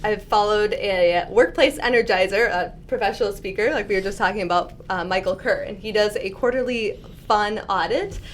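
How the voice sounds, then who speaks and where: A woman's voice: mid-range voice, normal speed, slight background noise. A woman interviewing a podcast guest, giving frequent short encouraging responses.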